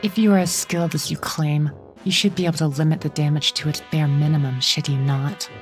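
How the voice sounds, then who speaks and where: A woman's voice: deep voice, fairly even intonation, fairly quick, faint music behind, natural voice. A woman voicing an arrogant, villainous woman general who taunts with contempt. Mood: mocking.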